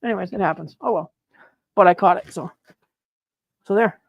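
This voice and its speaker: A chatty, excitable man talks his viewers through his mushroom work on a live stream, often laughing and saying sorry. His voice has a gravelly, fry-edged texture. The sound is dry and close, with little room echo. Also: high-pitched, normal speed, muffled recording. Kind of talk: live-stream chat while working. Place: grow room, indoors.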